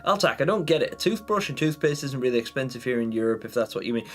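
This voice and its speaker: A man's voice: mid-range voice, lively intonation, fast, soft background music. A man hosting a live stream in casual chat, rambling and laughing often as he reads viewer comments.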